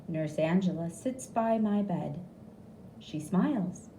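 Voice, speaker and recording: A woman reading a graded reader story aloud, slowly and clearly, in an expressive way. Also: on the low side, slight background noise. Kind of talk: graded reader audiobook narration. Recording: echoey room with faint ambience.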